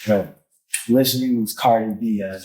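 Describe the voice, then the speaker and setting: Animated man with street slang. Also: on the low side, moderate pace, low-quality recording. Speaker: musician guest. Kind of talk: casual conversation.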